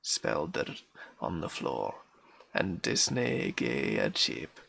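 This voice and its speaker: A man putting on a broad Scots accent to recite a dialect poem in a loud, sing-song way. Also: rumbling low, wildly swooping pitch, takes it slowly, creaky, a little hiss or hum, pitched below the performer's own voice, full character voice. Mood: lilting. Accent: put-on Scots.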